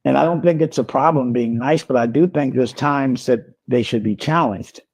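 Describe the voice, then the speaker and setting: A man speaking calmly and deliberately, giving advice in a measured, lecturing tone. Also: mid-range voice, slightly rough. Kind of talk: measured spoken advice in a recorded clip.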